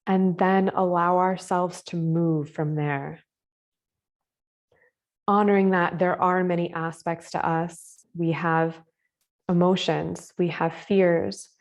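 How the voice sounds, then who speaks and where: Gentle woman teaching a spiritual class. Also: fairly low pitch, steady tone, slow pace. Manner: gentle, casual, many "like" fillers. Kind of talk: live online masterclass.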